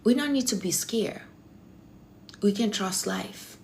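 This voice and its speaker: A woman chats casually on a live stream, handing out blunt advice with a teasing edge. Her English has non-native phrasing, and her voice sits at an ordinary middle pitch for a woman. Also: takes it slowly, creaky, darkish tone, a little hiss or hum. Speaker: livestream host.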